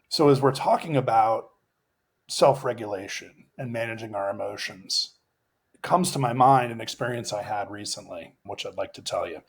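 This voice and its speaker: A man's voice: medium pitch, husky. A middle-aged man, an executive coach, telling a personal story in a podcast interview, reflective and earnest, with many fillers and restarts.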